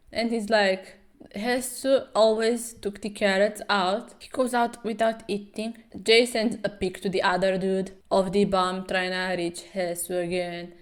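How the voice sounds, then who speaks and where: A young woman recapping a webtoon as comedy commentary, sarcastic and profane, with mocking asides and over-the-top dramatic readings. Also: medium pitch.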